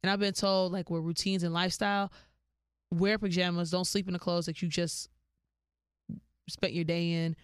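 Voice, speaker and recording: A woman hosting a podcast, telling a story in a slangy, animated way and jumping into high voices for the people she quotes. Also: normal speed, long pauses, clear, resonant tone, no echo, clean studio sound. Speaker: podcast host. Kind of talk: casual storytelling monologue.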